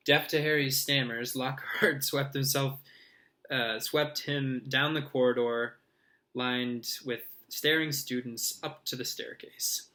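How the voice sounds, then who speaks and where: Man, reading a novel aloud, informal, stumbles and restarts, chatty asides, mid pitch. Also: fairly even intonation, takes it slowly, pushed and bright. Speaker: reader.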